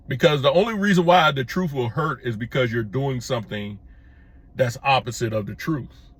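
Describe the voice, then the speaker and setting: Emphatic plain-spoken middle-aged man. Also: no room sound. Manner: emphatic, repeats his points, rises sharply in pitch when pressing a point; plain-spoken, addresses viewers as folks. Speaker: commentary vlogger. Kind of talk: opinion commentary monologue.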